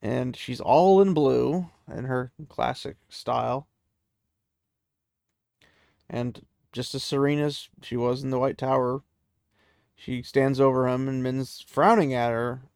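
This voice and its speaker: Gravelly man retelling a story. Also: medium pitch, steady tone, takes it slowly, pauses often, darkish tone, no echo, clean studio sound. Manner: chatty, loose, with many "he's like" asides.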